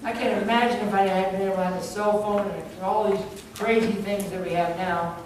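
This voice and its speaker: A male pastor delivers an emphatic sermon, repeating his points and breaking into chuckles as he tells stories. His voice rings through a very echoey church hall, caught from some distance off the microphone. A steady hum of room noise sits underneath. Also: high voice, a little fast. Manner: emphatic, repetitive, storytelling with chuckles. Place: church sanctuary.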